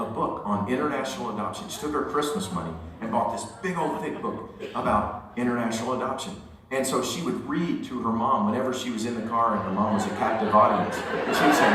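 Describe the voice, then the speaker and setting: A middle-aged singer-songwriter telling an animated, joking story to a concert audience between songs. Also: male voice, medium pitch, noisy background. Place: theater stage. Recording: echoey hall recording from far off.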